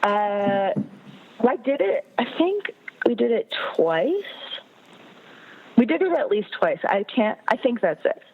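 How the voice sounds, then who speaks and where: A woman's voice: medium pitch, big pitch swings, slow, pauses often. Podcast guest, woman, 30s, recovering from a cold, slightly fried voice, frank and chatty, somewhat dull lo-fi recording. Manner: frank, chatty, swears casually. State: getting over a cold, slight vocal fry. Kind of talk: casual chat.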